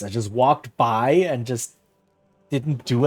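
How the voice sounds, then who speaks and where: A man's voice: medium pitch, animated, takes it slowly, darkish tone. A man streaming gameplay, chatting casually with incredulous, sarcastic asides.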